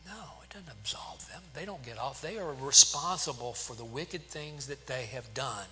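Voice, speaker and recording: A man's voice: medium pitch, lively intonation, moderate pace, bright, forceful tone, faint music behind. A man preaching a sermon as pastor, firing off rhetorical questions with emphasis. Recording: long hall reverb, faint hum.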